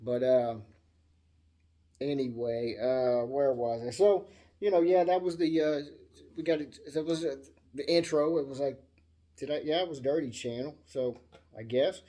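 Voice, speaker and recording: A man's voice: medium pitch, unhurried, long pauses. A man casually telling a rambling story about buying a guitar, acting out the voices of the people in it, then demoing the instrument. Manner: rambling, animated, acts out voices in anecdotes. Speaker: guitar channel host.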